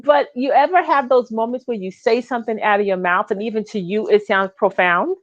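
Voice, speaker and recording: Woman, co-host, casual chat, lively storyteller, lo-fi remote sound. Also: a little high, a little fast. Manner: animated storyteller, acts out her own quotes. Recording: slightly dull, lo-fi remote audio.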